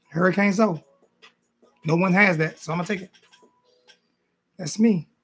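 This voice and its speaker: A man's voice: sits high, fairly bright tone. A man hosting a casual sports talk show, loose and joking, often repeating his phrases. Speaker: host. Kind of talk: casual call-in chat.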